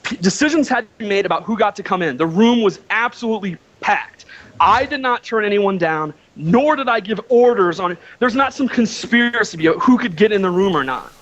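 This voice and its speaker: A man with a high voice, pleading his case insistently and trying to hold the floor against interruptions. The sound is muffled, as over online call audio. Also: expressive, brisk, fairly bright tone. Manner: defensive, insistent, keeps asking to be heard. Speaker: guest defending himself. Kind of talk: heated online call argument.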